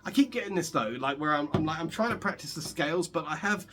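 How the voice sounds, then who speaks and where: Young male guitar vlogger, loose joking ramble between practice, clear guitar behind. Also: on the high side, expressive, fast. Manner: rambling, joking, many restarts. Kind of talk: casual chat while practicing guitar. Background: guitar playing.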